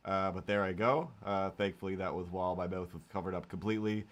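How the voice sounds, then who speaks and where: A man's voice: low voice, quick pace. A man hosting a live stream while he draws, rambling and joking to himself and his viewers in a casual chat. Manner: rambling, jokey, talks to himself. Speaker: streamer drawing cat comics.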